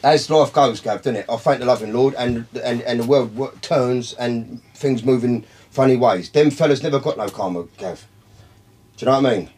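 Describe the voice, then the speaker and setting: A man's voice: mid-range voice, normal speed, a little mellow, slightly rough. A man, telling a long, profane story in casual talk, rambling and calling his listeners by name. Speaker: podcast guest.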